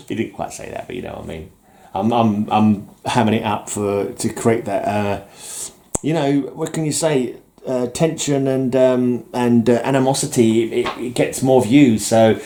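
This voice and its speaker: A man's voice: medium pitch, moderate pace, dark tone. Rambling man chatting about comics. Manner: rambling, jokey, self-mocking with mock-villain bluster. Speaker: comic collector vlogger. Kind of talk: casual chat.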